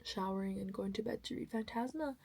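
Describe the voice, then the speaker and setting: A woman's voice: mid-range voice, brisk, vocal fry, darkish tone, breathy edge, poor audio. A young woman chatting casually to camera about books she bought and is reading, rambling and correcting herself often, tired. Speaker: book vlogger.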